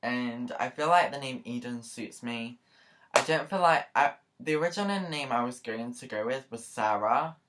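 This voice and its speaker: A woman's voice: a bass voice, moderate pace, heavy background noise. Chatty, rambling woman vlogger. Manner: chatty and rambling, many fillers and asides; earnest and emotional. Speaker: YouTuber. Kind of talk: casual vlog talk to camera.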